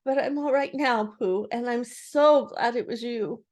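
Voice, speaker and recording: Woman voicing a tiny male piglet, squeaky, high-pitched, nervous, storybook. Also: unhurried, darkish tone, close to an everyday voice. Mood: sad. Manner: nervous, trembling.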